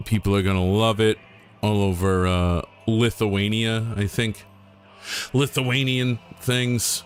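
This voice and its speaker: A young man streaming a game from home, chatting casually in a rambling, joking way with deadpan asides. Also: fairly low pitch, measured pace, faint music behind. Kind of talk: casual live-stream chat.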